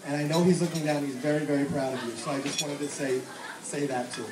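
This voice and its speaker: A man's voice: fairly high pitch, level tone, quick pace, background noise. A middle-aged man giving a toast as a father at a family celebration, a fond, joking storyteller. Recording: echoey hall, mic heard from far, crowd behind.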